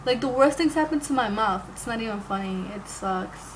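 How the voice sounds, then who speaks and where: A woman's voice: on the high side, expressive, moderate pace, slight background noise, rough recording. A young woman telling a story to camera in a casual, rambling way, filling her talk with "like" and the odd curse word. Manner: rambling, heavy use of "like", occasional cursing. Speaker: vlogger.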